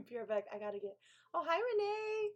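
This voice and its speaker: A woman's voice: sits high, big pitch swings, unhurried, a little mellow. Chatty woman gushing on a live stream. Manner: gushing, chatty, answers chat aloud. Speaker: author hosting a co-working stream. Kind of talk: casual live-stream chat.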